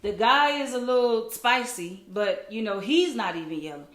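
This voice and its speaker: A woman, a single mom, telling a story to camera in a blunt, animated way. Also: fairly high pitch, normal speed. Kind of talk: casual storytime monologue. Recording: echoey room.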